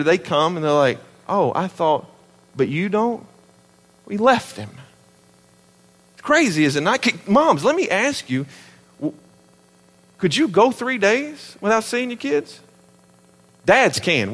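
Animated Southern preacher man in a hall. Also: high voice, moderate pace. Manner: animated, emphatic, conversational preaching. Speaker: pastor. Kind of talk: sermon.

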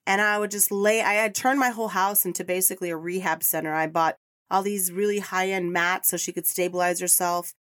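A woman's voice: fairly low pitch, fairly even intonation, fairly quick, a bit bright, no room sound, clean studio sound. A middle-aged woman hosting a podcast, telling a personal story in an earnest, rambling, emotional way. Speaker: podcast host.

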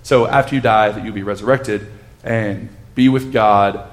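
A man's voice: fairly low pitch, fairly even intonation, moderate pace. A man leading a casual bible study. He asks the group questions and reads scripture aloud with rising emphasis.

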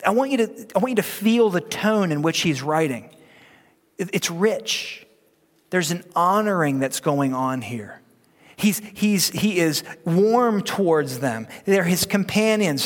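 A middle-aged man preaching a conversational sermon as pastor, joking and leading the congregation in reading aloud. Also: high voice. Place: church sanctuary. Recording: long hall reverb.

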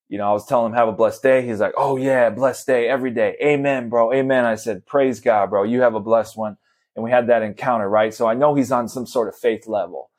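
A man hosting a podcast, telling a personal faith story in an energetic, conversational way, full of "man" and "you know". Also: fairly low pitch. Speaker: podcast host. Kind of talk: casual storytelling monologue.

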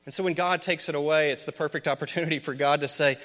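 A man from Memphis with a somewhat high, bright, forceful voice preaches a chatty sermon. He keeps asking the congregation questions, and his words ring out with a long reverb across a big church hall. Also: steady tone, quick pace, few pauses. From Memphis, USA. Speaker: pastor. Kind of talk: conversational sermon.

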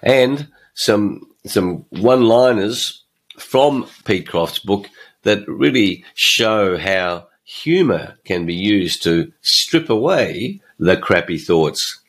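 A middle-aged man delivers a motivational podcast monologue. His voice sits low and carries a husky edge. He hammers his points home by repeating words. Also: expressive, slow pace. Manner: emphatic, repeats phrases. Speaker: podcast host and coach.

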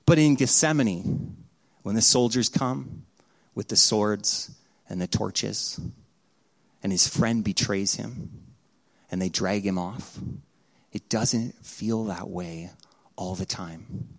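A middle-aged male pastor preaching a sermon, telling stories animatedly and acting out the voices, dropping from loud to hushed. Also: lowish voice, slow pace, long pauses.

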